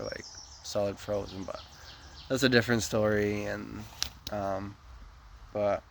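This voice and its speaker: A man's voice: vocal fry, a little hiss or hum. A young man telling a story casually and animatedly, acting out the dialogue. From Ukraine. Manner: animated, acts out dialogue with rising pitch. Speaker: vlogger.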